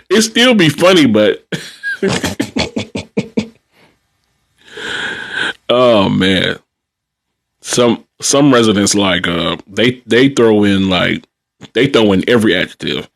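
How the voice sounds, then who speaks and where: A man chats casually on a livestream about his work as a nursing assistant. His pitch swings widely as he tells the stories. He breaks into laughter often and talks in loose slang. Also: lively intonation, very slow, vocal fry, long pauses.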